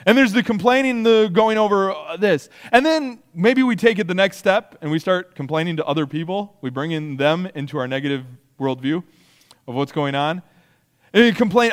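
Lively high-voiced man preaching. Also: moderate pace, clean tone, long reverb tail. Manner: animated preaching, voices quoted complaints dramatically, frequent restarts and "right?". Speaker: pastor. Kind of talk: sermon.

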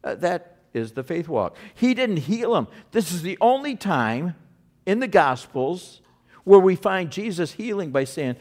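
A man preaching a sermon, animated, rising and dropping sharply for emphasis. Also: on the high side, measured pace. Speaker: pastor.

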